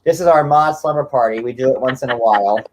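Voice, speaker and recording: Guy in his 40s hosting a stream, rambly, says like a lot, middle pitch. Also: quick pace. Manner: chatty, fillers of "like" throughout. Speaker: livestream host. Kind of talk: casual livestream chat.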